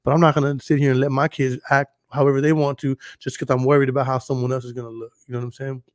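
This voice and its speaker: A man's voice: mid-range voice, very fast, dry recording, clean studio sound. A young man from Dallas, hosting a podcast in casual chat, telling stories with lots of swearing and acting out what people said. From Dallas, Texas. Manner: animated storytelling, profane, acts out quotes. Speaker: podcast host.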